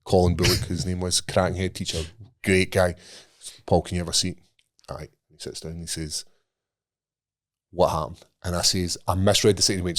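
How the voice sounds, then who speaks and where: A man's voice: deep voice, moderate pace, pauses often. Sweary Scottish man telling a story. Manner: sweary, laughing anecdote with quoted voices. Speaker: podcast co-host. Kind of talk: casual storytelling.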